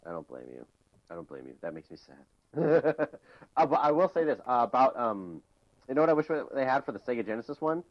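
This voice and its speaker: Casting: male podcast co-host, lively up-and-down delivery, profane rants, dull lo-fi sound. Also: mid-range voice, a little fast. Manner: animated, profane ranting. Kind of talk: casual podcast chat. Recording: dull lo-fi audio.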